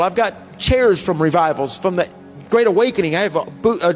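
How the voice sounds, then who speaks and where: Pastor preaching over soft music. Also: male voice, high-pitched. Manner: casual storytelling with sudden hushed, sighing drops. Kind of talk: sermon.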